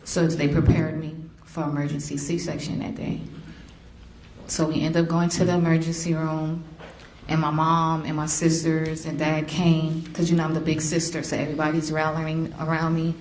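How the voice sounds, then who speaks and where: A woman speaking as a victim's mother in court, an animated storyteller who acts out the voices she quotes. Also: deep voice, moderate pace. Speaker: victim's mother giving an impact statement. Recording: roomy courtroom, faint hiss.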